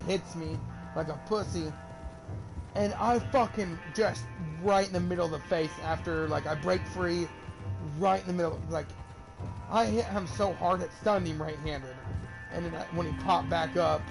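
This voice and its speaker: A man's voice: fairly high pitch, moderate pace, gravelly, over music. A young man streaming a game, telling a rambling, profane story in casual chat. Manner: rambling, profane, animated when quoting. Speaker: gamer streamer. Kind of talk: casual storytelling while gaming.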